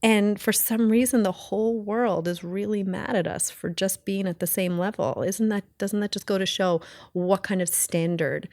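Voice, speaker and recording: A woman's voice: medium pitch, steady tone, moderate pace, a little mellow, dry recording. A middle-aged woman hosting a podcast, talking casually and bluntly, rambling with self-corrections and acting out bits of past conversations. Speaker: podcast host. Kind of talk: casual solo podcast talk.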